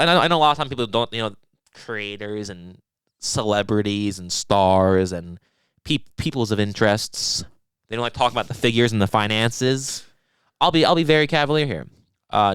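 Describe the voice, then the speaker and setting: A man's voice: on the low side, fairly bright tone, smooth, no echo. A young man co-hosting a podcast, rambling and joking with his brother, swearing freely and restarting his sentences often. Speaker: podcast co-host. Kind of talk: casual podcast banter.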